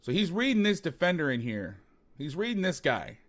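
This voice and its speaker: A man's voice: a little high, very animated, fairly quick. A man hosting a football film breakdown, talking casually and animatedly, swearing, rambling with restarts.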